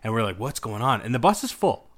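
A man co-hosts a casual chat podcast, bright and forceful in tone. He tells stories with animated energy, swears often, and slips into mock-angry outbursts. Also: mid-range voice, fast talker. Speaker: podcast co-host.

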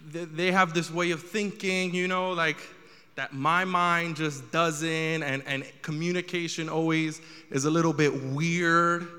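New guy in his 20s doing standup, exasperated storytelling, bright voice, reverby room. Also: fairly high pitch. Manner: animated storytelling with rising exasperation. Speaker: stand-up comedian. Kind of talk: stand-up comedy set.

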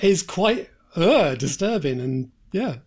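Podcast co-host, casual chat, teasing, quick jokes, middle pitch. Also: big pitch swings, a little mellow, husky.

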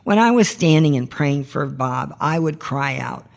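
Woman teaching a devotional, slow and earnest, pleads from the heart. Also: low-pitched, expressive, creaky, darkish tone. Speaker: host of a marriage ministry podcast.

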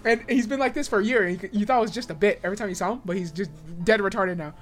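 A woman's voice: mid-range voice, rapid-fire. A young woman in casual chat with friends, rambling through a story, laughing often and checking in with "right?". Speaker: group chat participant posing a hypothetical.

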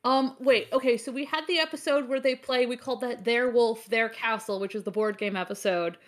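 A woman co-hosting a podcast in casual chat, steering the talk with quick asides, on her own mic over a remote call. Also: fairly high pitch, fairly even intonation. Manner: organizing, quick asides, scattered. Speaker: podcast co-host and editor.

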